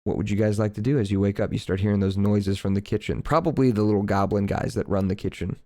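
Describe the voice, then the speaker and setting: A man in a relaxed, chatty manner, narrating a tabletop game as game master. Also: on the low side, fast talker, no echo, studio quality. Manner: relaxed, chatty, laughs easily.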